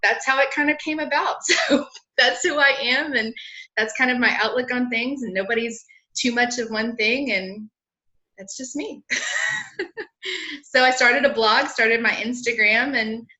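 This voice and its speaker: A woman with a South Carolina Southern accent chats as a podcast guest. Her voice is bright and clear, and she laughs often and tosses in quick asides. She sounds lively and open. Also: a little high, dull audio. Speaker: guest, lawyer and blogger. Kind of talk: casual podcast interview.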